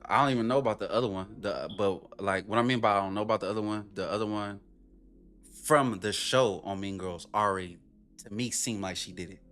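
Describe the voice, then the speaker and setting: Blunt, profane man reacting to clips. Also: a bit bright. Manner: blunt, profane, incredulous, often mimics in a high voice. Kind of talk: casual reaction commentary.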